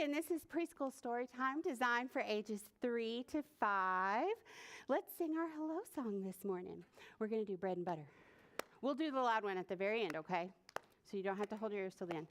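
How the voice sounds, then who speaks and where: A woman's voice: a little high, animated, normal speed, a bit bright. A young woman, a children's librarian leading a preschool story time in a cheerful, sing-song way.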